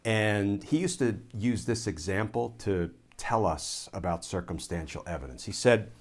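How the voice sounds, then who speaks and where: Low-voiced man giving measured legal commentary. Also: animated. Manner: measured and explanatory, restating phrases for emphasis. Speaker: former Army lawyer turned legal commentator. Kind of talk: solo commentary video.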